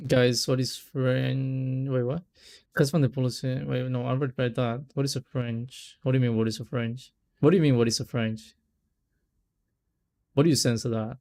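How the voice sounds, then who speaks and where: Mellow-voiced male game streamer. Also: mid-range voice, fairly even intonation, normal speed, gravelly. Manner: rambling, stumbles over names, laughs often. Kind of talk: casual let's-play chat.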